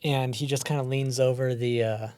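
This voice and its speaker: A man's voice: medium pitch, fairly even intonation, moderate pace, darkish tone, smooth, dry recording. A man hosting a casual podcast, telling a self-deprecating story about his training days. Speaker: podcast host.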